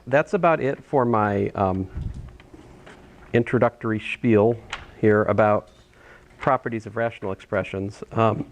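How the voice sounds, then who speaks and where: A math instructor with a fairly low voice teaches a college algebra class in a casual, rambling lecture. He restarts phrases and makes jokey asides, and the recording has a little hiss or hum.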